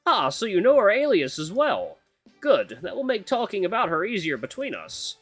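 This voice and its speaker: Guy doing a big hearty russian-accent guildmaster, slow and grand, bouncy pitch, dry sound. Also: huge pitch swings, fairly bright tone, dry recording, faint music behind, exaggerated voice. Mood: genial. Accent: put-on Russian. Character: broad genial male guildmaster, formal and hearty.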